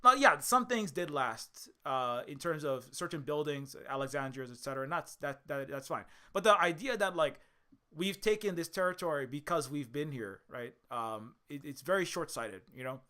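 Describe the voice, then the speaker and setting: A man delivers a ranting video commentary with a tense, bright edge and a voice pitched a little above the usual. He keeps throwing out sarcastic rhetorical questions and trips over restarts as he rambles on. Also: expressive, moderate pace. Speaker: video essayist.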